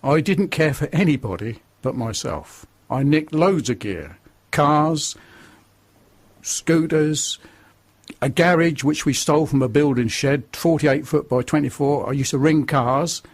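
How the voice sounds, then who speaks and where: Husky older man from northern England. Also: fairly high pitch, measured pace. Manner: forthright, preachy. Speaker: guest. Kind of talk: radio interview, personal testimony.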